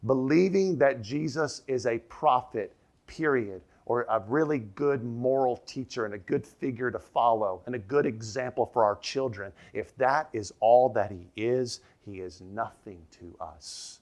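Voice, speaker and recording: A man preaching a sermon as pastor, emphatic, repeating key lines and dropping his voice low for the quoted question. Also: moderate pace, a little mellow. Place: church sanctuary.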